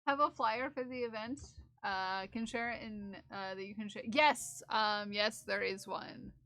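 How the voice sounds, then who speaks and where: A woman's voice: medium pitch, fairly even intonation, measured pace, a bit bright, no echo, clean studio sound. A woman streamer chatting casually with her viewers, reading their messages aloud and laughing often. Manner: chatty, giggly, reads chat aloud. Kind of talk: casual live-stream chat.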